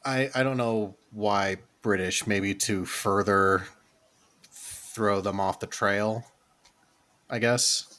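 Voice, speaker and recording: A man's voice: lowish voice, steady tone, slow, fairly bright tone. A man co-hosting a podcast in a casual film discussion, blunt and heavy on swearing, often restarting his sentences. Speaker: podcast co-host.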